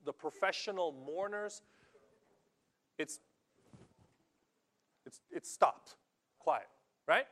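A middle-aged male pastor delivers a sermon in a somewhat high voice. He is animated and often stammers, repeating words as he goes. His delivery swings between loud, emphatic bursts and hushed, quiet lines.

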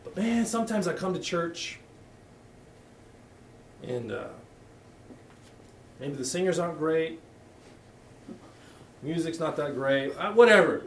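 Middle-aged guy pastor giving a sermon, gravelly voice, roomy echo, a bit far from the mic. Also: on the high side, animated, slow pace, pauses often, slight background noise. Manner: candid, conversational, with frequent restarts. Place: church hall. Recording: echoey room, voice from a distance.

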